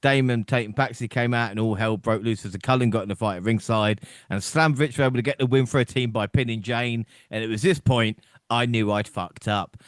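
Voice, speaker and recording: A man's voice: medium pitch, fairly even intonation, brisk, few pauses, dry recording, clean studio sound. A man co-hosting a podcast in casual chat, rambling along, laughing often and checking in with his co-host. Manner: rambling, laughs often, keeps asking "do you know what I mean".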